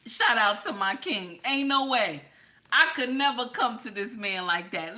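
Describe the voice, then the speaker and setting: A woman's voice: on the high side, unhurried. A woman, host of a casual livestream who reads chat comments aloud and teases her viewers. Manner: animated, teasing, talks straight to chat viewers.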